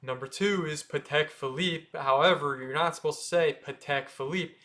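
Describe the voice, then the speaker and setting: An American man hosting a watch channel, casually explaining how to say brand names, sounding them out slowly with offhand asides. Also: a little high, fairly bright tone. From United States. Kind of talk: casual explainer talking to camera.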